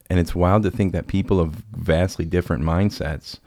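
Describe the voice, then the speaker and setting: A man's voice: low-pitched, steady tone, moderate pace, darkish tone, no echo, clean studio sound. A man hosting a podcast in casual chat, rambling and jokey, often laughing. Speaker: podcast host.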